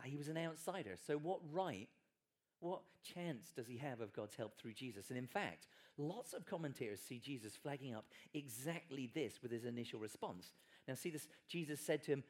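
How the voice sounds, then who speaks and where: A man's voice: mid-range voice, a little mellow. A man preaching a sermon in a conversational, emphatic way with wry asides.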